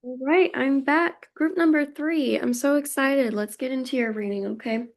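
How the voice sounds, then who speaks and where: A woman with a high voice speaks at a moderate pace while doing an informal pick-a-card tarot reading. Her chatter is emotional and full of laughter, and she keeps comforting her viewers in a warm way.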